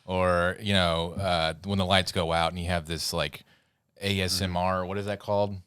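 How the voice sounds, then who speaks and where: Low and level, with a smooth, fairly bright tone, a man co-hosts a casual podcast at a moderate pace. He tells his stories in a laughing, rambling manner and now and then loses his words. The studio-quality recording is dry.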